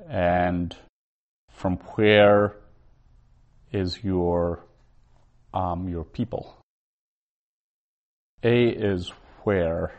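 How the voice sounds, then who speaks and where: A man teaching a Bible Hebrew class, explaining slowly, word by word. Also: sits low, steady tone, darkish tone. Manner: slow, deliberate, word-by-word explaining. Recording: dull lo-fi recording.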